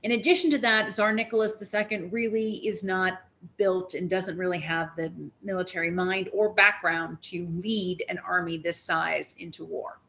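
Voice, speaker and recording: A woman giving a spoken history lecture, telling events as a lively story with restarts and asides. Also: lowish voice, moderate pace, hardly any pauses, highs cut off.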